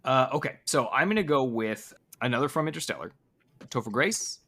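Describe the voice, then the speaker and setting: A man's voice: mid-range voice, quick pace, sharp tone. A man playing in a trivia podcast, joking casually with the host. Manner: playful, joking. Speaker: podcast player. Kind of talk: casual game-show chat.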